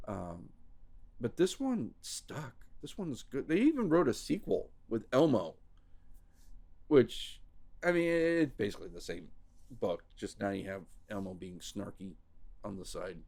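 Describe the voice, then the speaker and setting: A man's voice: fairly low pitch, warm tone. A man hosting a podcast, chatting casually and rambling about books, often restarting his sentences. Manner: rambling, restarting, self-interrupting. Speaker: podcast host.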